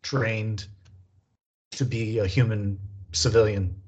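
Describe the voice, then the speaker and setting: Slow, measured-talking man. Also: fairly low pitch, steady tone, darkish tone, slightly rough. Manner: slow, halting, measured phrasing. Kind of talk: reflective conversation. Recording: dull lo-fi sound.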